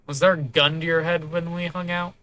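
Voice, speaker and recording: A man's voice: on the high side, flat delivery, a little fast, bright, forceful tone, pitched above the performer's own voice. A man voicing a hesitant, defensive young man who placates and dodges.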